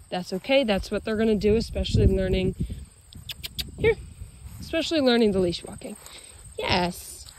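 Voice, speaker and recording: A woman dog trainer explaining leash walking while praising her dog in a bright, high voice outdoors. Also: a little hiss or hum. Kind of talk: narrating a leash-training demo.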